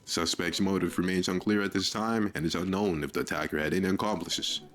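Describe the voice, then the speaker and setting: A man's voice: low-pitched, fairly even intonation, a little fast, a bit bright. A man voicing a stiff male news announcer with a formal, read-aloud delivery.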